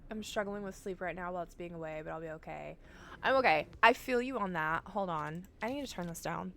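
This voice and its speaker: A woman's voice: lowish voice, a little fast, creaky, a bit bright, a little hiss or hum. A woman live streaming from home, chatting casually and swearing freely as she talks straight to her viewers while setting up a game.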